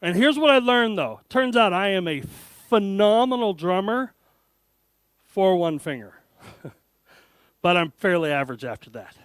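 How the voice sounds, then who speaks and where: A man's voice: high-pitched, measured pace, long pauses, smooth, no room sound. A middle-aged man giving a motivational conference talk, telling humorous self-deprecating stories. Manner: storytelling, self-deprecating jokes, lively delivery. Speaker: conference speaker.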